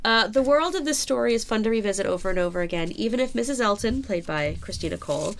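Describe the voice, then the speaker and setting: A woman's voice: medium pitch, animated, quick pace, a little hiss or hum. A woman co-hosting a podcast, chatting casually from her notes, self-mocking and laughing at her own slips. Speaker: podcast co-host. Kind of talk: casual chat, talking through notes.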